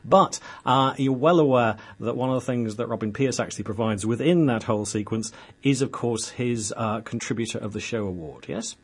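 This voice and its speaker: A man's voice: medium pitch, husky. A man hosting a casual radio chat show, with a rambling, wry manner. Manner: rambling, wry and quick-witted. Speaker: radio host.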